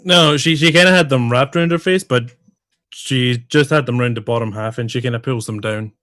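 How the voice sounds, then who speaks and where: A man's voice: mid-range voice, a little fast, fairly bright tone, dry recording. A man playing in a tabletop role-playing game, describing his character in a hesitant way. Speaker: player.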